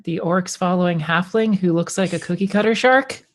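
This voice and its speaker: A woman's voice: lowish voice, brisk. A woman playing a tabletop game, curious and full of questions. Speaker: player.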